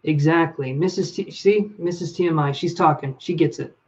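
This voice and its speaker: Higher-voiced man giving live advice. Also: moderate pace, darkish tone, lo-fi sound. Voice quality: reflective, speaks straight to viewers by name. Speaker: livestream reader and relationship advisor. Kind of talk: live-stream advice chat.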